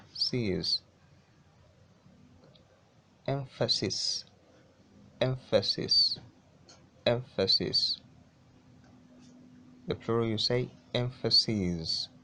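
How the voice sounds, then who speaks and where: Slow, deliberate low-voiced male teacher. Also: pushed and bright, a little hiss or hum. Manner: slow, repeats each word several times. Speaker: English teacher. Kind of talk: pronunciation lesson.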